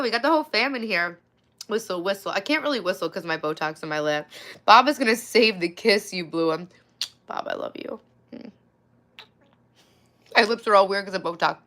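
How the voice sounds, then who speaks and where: A woman's voice: on the high side, pushed and bright. A woman in her forties hosting a casual livestream, chatty and playful, swearing freely and thanking viewers by name. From Long Island, New York. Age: 40s. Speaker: livestream host.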